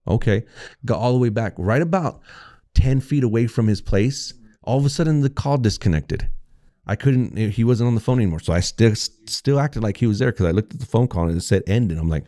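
A man's voice: fairly low pitch, animated, a little fast, mellow, dry recording. A man on a podcast telling a rambling, profane story in casual chat and acting out what each person said. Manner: rambling, profane, acts out quotes. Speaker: podcast co-host.

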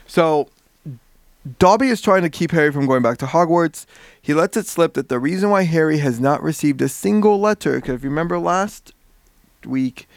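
Animated, foul-mouthed man. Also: fairly high pitch, normal speed, vocal fry, no room sound, clean studio sound. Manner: animated storytelling, swears freely. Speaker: podcast co-host. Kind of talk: casual book recap chat.

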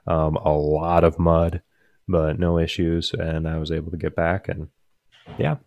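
Deep-voiced young man telling a rambling story. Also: little pitch movement, unhurried, gravelly, a little mellow, dull audio. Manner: rambling, amused, lots of fillers and restarts. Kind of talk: casual storytelling chat.

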